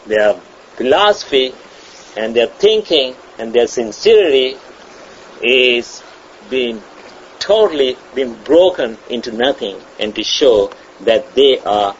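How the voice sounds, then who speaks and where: A man's voice: medium pitch, animated, takes it slowly. A man preaching a sermon in an emphatic way, repeating and restarting his phrases and acting out the voices he quotes. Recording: dull lo-fi sound with faint ambient noise.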